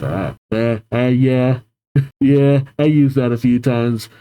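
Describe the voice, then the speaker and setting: A man's voice: mid-range voice, fairly even intonation, slow, dark tone, clean tone, poor audio. A man reading a comic aloud as a reaction host, with frequent laughs and playful asides.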